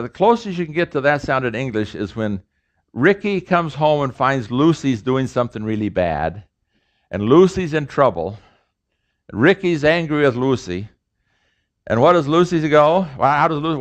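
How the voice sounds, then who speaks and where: A man, a professor, giving a classroom lecture and explaining sounds step by step, with fillers and restarts. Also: medium pitch. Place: lecture room. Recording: dull lo-fi lecture recording.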